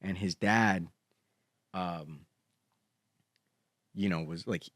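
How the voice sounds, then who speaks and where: Deep-voiced man, rambling and hesitant. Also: extremely slow, a bit bright, dry recording, clean studio sound. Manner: rambling, hesitant storyteller full of fillers. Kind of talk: casual chat.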